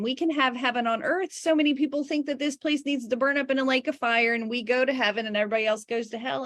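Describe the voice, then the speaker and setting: A woman's voice: a little high, a bit bright, no echo, clean studio sound. A woman co-host speaking in a fervent, preaching way during a spiritual teaching.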